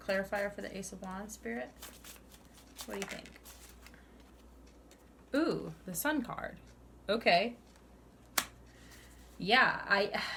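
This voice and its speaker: Woman tarot reader, fairly low voice, earnest chatty delivery, faint hiss behind. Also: fairly bright tone. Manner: earnest, chatty, sighing between cards. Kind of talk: tarot reading to camera.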